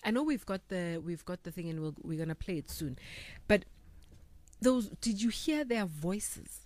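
A woman's voice: lowish voice, normal speed, no room sound. A woman hosting a casual talk discussion, acting out quotes as she makes her points. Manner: animated, acts out quotes. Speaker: talk show host.

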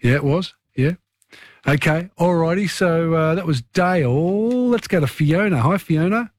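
A man hosting a radio quiz, chatting easily with callers as he reads out the questions. His voice sits a touch high, and the studio sound is close and dry. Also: unhurried, no room sound. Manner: chatty, takes callers one after another.

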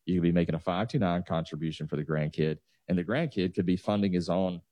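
A man's voice: deep voice, steady tone, fast talker, warm tone, no echo. A man, a financial advisor patiently walking listeners through numbers on a talk show. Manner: explanatory, walks through numbers step by step.

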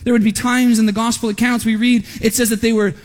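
A pastor delivers an expository sermon during a church service, keeping it conversational, repeatedly checking in with "right?" and getting animated over quoted speech. His voice is extremely high and level, his pace quick, and the sanctuary adds long hall reverb.

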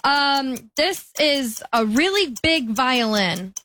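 A woman's voice: sits high, animated, bright, forceful tone, slight background noise. A woman contestant giving clues in a timed word game, hesitant with many ums. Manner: hesitant, lots of ums, quick when explaining. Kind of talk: describing clue words in a timed game.

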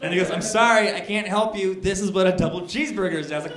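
High-voiced man doing stand-up in a club. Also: racing, hardly any pauses. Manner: animated storytelling, voices rising into mock outrage. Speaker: stand-up comedian. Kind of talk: stand-up comedy set. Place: comedy club stage. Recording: echoey club with crowd laughter.

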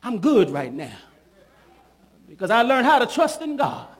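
Man, bishop, sermon, very high voice, lively swinging pitch, call-and-response, church. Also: measured pace. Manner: call-and-response preaching, rising to shouts.

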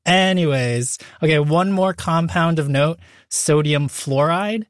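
Chatty man explaining science, fairly high voice. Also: slow pace, dry recording, studio quality. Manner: explains facts in a relaxed, chatty way. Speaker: podcast host.

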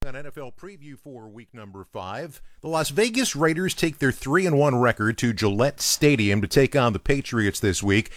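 A man hosting a scripted radio football preview in a brisk presenter style. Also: fairly high pitch, dry recording, clean studio sound. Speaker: sports show host.

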